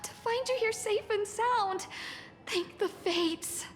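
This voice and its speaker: An actress playing an eager, cheerful young woman soldier in a video game, speaking in a bright, earnest way. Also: very high-pitched, slow pace, a little hiss or hum. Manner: bright, earnest, warm greeting. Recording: reverberant game audio.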